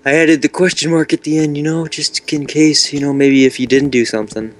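A man's voice: fairly high pitch, flat delivery, a little fast. A man chatting casually while playing a video game with friends, rambling and joking as he goes. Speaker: game player. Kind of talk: casual gaming chat.

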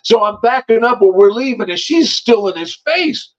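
A man telling animated, tough stories from his past as a guest. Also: very high voice, normal speed. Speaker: guest, former mobster. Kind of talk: storytelling. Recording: dull lo-fi sound.

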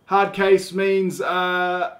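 Laid-back kiwi dad, playful and halting. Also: male voice, high voice, completely flat delivery, a bit bright. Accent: New Zealand. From New Zealand. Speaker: dad teaching his young daughter slang. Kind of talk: casual instructional video.

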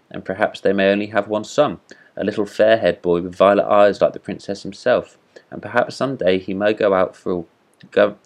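A man voicing a pompous, vain talking firework rocket in a read-aloud storybook, haughty and indignant. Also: sits low. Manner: haughty, self-important, indignant.

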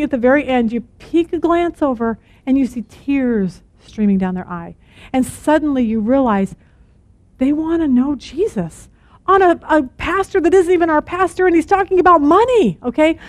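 A middle-aged woman teaching a Bible study, earnest and animated, telling stories and acting out quotes. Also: high-pitched, no room sound.

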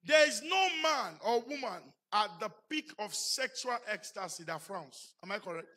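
A man with a Nigerian English accent preaches a sermon in a church, his high-pitched, lively voice moving at a normal pace. He builds to shouted emphasis and puts questions to the congregation.

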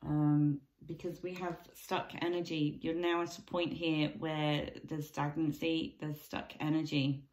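Low-voiced woman doing a tarot reading. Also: flat delivery, measured pace, hardly any pauses, a little mellow, echoey room, poor audio. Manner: musing, thinks aloud with many ums. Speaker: tarot reader. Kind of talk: casual tarot card reading.

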